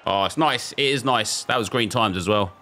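A young man talks through his own football match as he plays, in loose, casual commentary. His voice has a bright, forceful edge, and he swings between excited cheers and frustrated muttering at his own mistakes. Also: on the low side, moderate pace. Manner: excitable, frustrated outbursts, self-talk while playing. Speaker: video game streamer.

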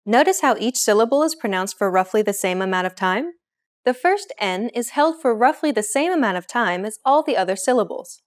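A young adult woman hosting a language lesson, explaining in a clear, measured scripted way. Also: fairly high pitch, animated.

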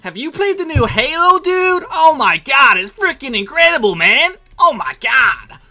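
A man's voice: measured pace, faint music behind, full character voice. A man putting on a hyped American gamer dude. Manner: loud, excited, high-pitched.

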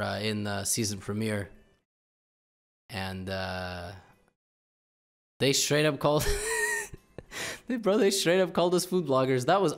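A young man casually telling a funny story to his viewers, chatty and animated. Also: mid-range voice. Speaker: chess streamer.

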